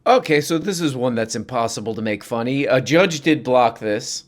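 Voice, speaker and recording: A man's voice: mid-range voice, expressive, normal speed. A man hosting a comedic reaction show, sarcastic and exasperated, laughing as he riffs on news clips.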